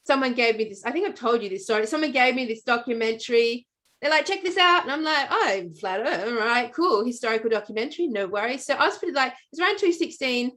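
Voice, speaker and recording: Middle-aged Australian woman, casual storyteller, fairly high voice, fillers and restarts. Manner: animated, rambling, many fillers and restarts. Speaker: podcast co-host.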